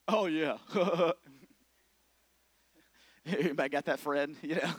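A young man preaching a sermon in church, energetic and building to shouts. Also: fairly high pitch, takes it slowly, long pauses, slightly rough, dry recording. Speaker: pastor.

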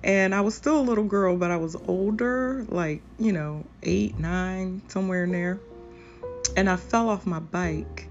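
A woman hosting a podcast, speaking in a slow, earnest, confessional monologue. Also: mid-range voice. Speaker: podcast host. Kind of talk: personal reflective monologue. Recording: dull lo-fi recording with faint music.

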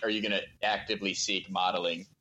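A man on a casual podcast, chiming in with wry, lively remarks. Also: low voice, quick pace, noisy background. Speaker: podcast co-host. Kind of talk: casual chat.

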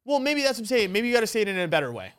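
Young male podcast co-host, high and animated voice, argumentative, quick to laugh. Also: clear, resonant tone. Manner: argumentative, laughs loudly, pushes his point. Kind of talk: casual crude banter.

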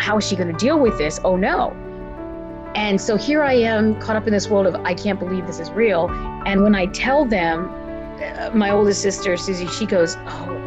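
A woman guest telling a personal story in an interview, earnest in tone and voicing relatives' words as she goes. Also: medium pitch. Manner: earnest, acts out family members' words.

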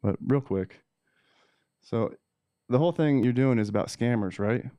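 A man's voice: mid-range voice, normal speed, clear, resonant tone, dry recording, muffled recording. A man who breeds cannabis seeds talks straight to camera in a casual, heated monologue, blunt and full of swearing. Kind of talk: casual ranting vlog monologue.

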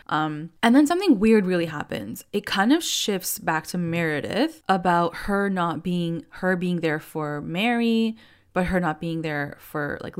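Chatty young woman, lowish voice. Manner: chatty, lots of "like" fillers. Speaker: podcast host. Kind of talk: casual recap chat.

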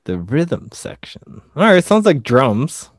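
A man's voice: mid-range voice, big pitch swings, slow pace. A man hosting a podcast in casual chat, laid-back and teasing, laughing often. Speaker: podcast host.

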